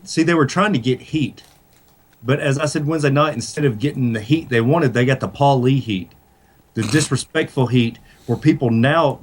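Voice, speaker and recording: A man co-hosting a casual sports radio talk show, blunt and opinionated. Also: mid-range voice. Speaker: radio co-host and wrestler.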